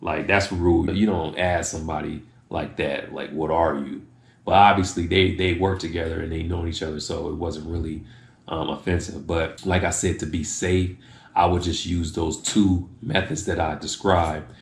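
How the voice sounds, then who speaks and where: Low-voiced man giving tips, roomy echo. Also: fairly even intonation, normal speed, vocal fry, a little hiss or hum. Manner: acts out short exchanges in changed voices. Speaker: video host giving tips. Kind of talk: casual talk to camera.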